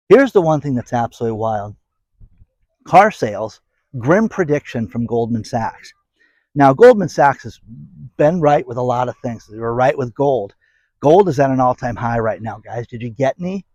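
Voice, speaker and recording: A man's voice: medium pitch, animated, normal speed, pauses often, a little mellow, no room sound, rough recording. Sarcastic rambling man, dry close sound. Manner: rambling, sarcastic, talks straight to viewers. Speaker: host of an economy commentary channel. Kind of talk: casual spoken commentary.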